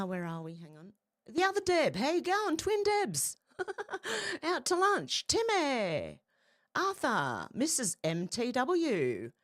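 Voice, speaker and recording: A woman's voice: high-pitched, no echo, studio quality. A woman hosting a casual live stream, greeting viewers and talking with feeling. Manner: emotional, breaks into soft singing.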